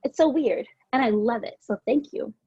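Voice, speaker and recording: A woman's voice: on the high side, moderate pace, dark tone, slightly rough, dry recording, highs cut off. A woman guest on a podcast, talking in a rambling, heartfelt way, a little out of breath. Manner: rambling with many "like" fillers, heartfelt. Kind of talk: casual interview chat.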